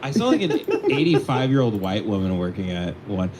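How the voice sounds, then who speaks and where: Joking man with a lively voice. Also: lowish voice, slight background noise. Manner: quick riffing jokes, laughs often. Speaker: podcast co-host. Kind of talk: casual comedic chat.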